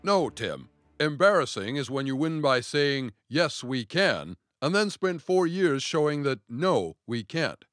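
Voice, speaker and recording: A smug, sarcastic president, as a man puts him on in a satirical puppet sketch. His pitch swings widely as he mocks and scoffs, dry and close to the mic. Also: sing-song, a little slow, a bit bright, no room sound, faint music behind. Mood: mocking. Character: impression of a male US president, smug.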